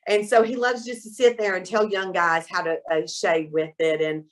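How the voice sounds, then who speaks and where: A middle-aged woman, chatting as an interview guest and telling lively stories. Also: fairly low pitch, normal speed. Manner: animated storyteller, quotes people in voices. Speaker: guest, soap maker. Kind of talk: casual interview chat.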